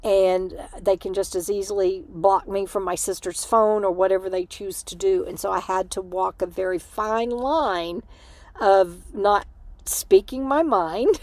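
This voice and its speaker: A tired woman hosting her own livestream, talking in a reflective, halting way and laughing often. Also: medium pitch, darkish tone, no echo. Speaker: livestream host. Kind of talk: casual personal chat.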